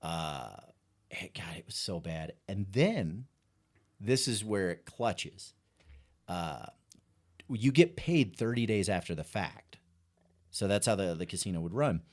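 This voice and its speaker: A male stand-up comedian telling a story as a podcast guest, animated and self-mocking, often laughing as he talks. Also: deep voice, slow pace, long pauses. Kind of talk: casual storytelling chat.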